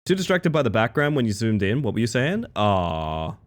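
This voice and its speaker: Man, livestreamer, casual chat with viewers, playful, very lively pitch. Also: moderate pace. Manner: playful, excitable, talks to chat. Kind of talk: casual live-stream chat.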